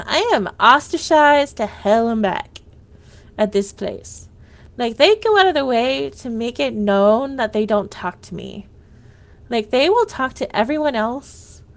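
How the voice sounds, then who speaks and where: A woman's voice: on the high side, creaky. A woman livestreaming, venting in a rambling casual monologue, full of "like" and restarts.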